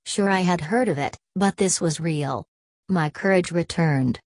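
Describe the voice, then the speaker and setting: A woman narrating a novel as an audiobook in a steady, measured reading. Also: on the low side, no echo.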